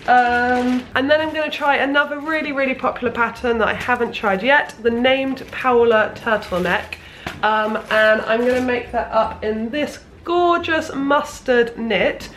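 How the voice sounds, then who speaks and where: A woman's voice: a little high, a little slow, a bit bright, a little hiss or hum. Chatty young woman vlogging. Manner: chatty, rambling, lots of fillers. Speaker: sewing vlogger. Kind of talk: casual chat. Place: parents' house, indoors.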